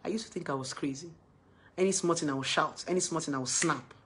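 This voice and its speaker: A woman talking casually to camera about relationships, emphatic, swinging between loud exclamations and softer asides. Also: low voice, quick pace, slight background noise. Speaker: relationship advice vlogger.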